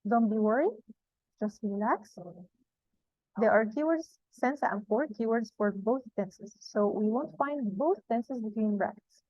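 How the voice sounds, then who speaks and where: Higher-voiced woman teaching grammar, dry and dull. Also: darkish tone, dry recording. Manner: repeats rules slowly and with emphasis. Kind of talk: classroom grammar lesson.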